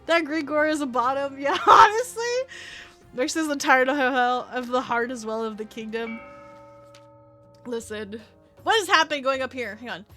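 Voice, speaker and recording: Giggly woman game streamer, high voice, chatty. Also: moderate pace, faint music behind. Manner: giggly, chatty, animated reactions. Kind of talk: live game stream commentary and reading aloud.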